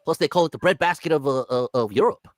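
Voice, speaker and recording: A man's voice: a little high, fast talker, dry recording. A man hosting a casual commentary video, mocking news clips with sarcasm and frequent laughter. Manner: sarcastic, mocking, laughs often, puts on exaggerated voices.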